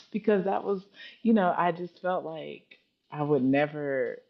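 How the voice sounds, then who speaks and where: A woman's voice: sits low, creaky. A woman in her thirties with a Philadelphia accent, a podcast guest telling a personal story in casual chat and acting out what others said. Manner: animated, dramatic quoting of others. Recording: muffled lo-fi podcast audio.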